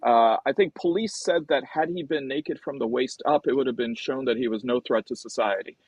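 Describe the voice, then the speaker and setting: A man's voice: medium pitch, a little fast, breathy edge, no room sound, muffled recording. A man hosting a casual panel discussion, teasing his guests and handing the floor around. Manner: animated, teasing, hands off to panelists. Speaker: host.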